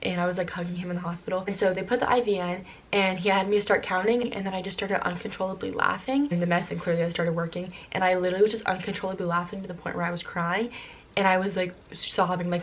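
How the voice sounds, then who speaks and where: A young woman vlogger telling a personal story in casual chat, rushing along with lots of "like" and "um". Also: on the low side, fairly even intonation, slight background noise. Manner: rushed, filler-heavy with constant "like" and "um".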